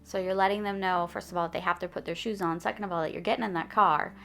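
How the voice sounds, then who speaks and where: A woman's voice: on the low side, fairly even intonation, fast, vocal fry, a bit bright, soft background music. Chatty woman explaining parenting tips. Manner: friendly, chatty, laughs between points. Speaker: behavior analyst giving parenting advice. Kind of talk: direct-to-camera parenting tips.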